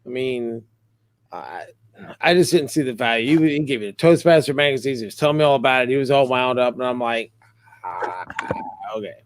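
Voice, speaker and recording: A middle-aged man telling a funny story on a podcast, animated and joking. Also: medium pitch, fairly quick, no echo. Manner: animated, joking, acts out quotes. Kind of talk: casual storytelling.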